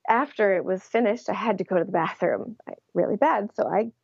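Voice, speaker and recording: A woman's voice: mid-range voice, brisk, gravelly, darkish tone, husky, dry recording, dull audio. A young adult woman, an interview guest, telling her story in a casual way and laughing often. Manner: laughs often while recounting.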